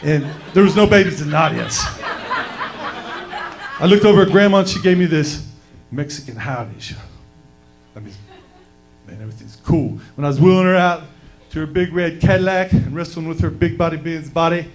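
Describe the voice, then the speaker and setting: A man's voice: a little high, normal speed, long pauses, faint music behind. A man doing a brash, crude stand-up set on a comedy club stage.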